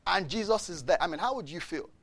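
Animated man preaching a sermon. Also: sits high, fast talker. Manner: animated storytelling, acts out voices of people in the story; addresses the congregation directly with questions.

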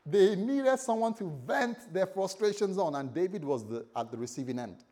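A man's voice: sits high, animated, moderate pace, mellow. A man preaching a conversational sermon, often repeating words and acting out the voices he quotes.

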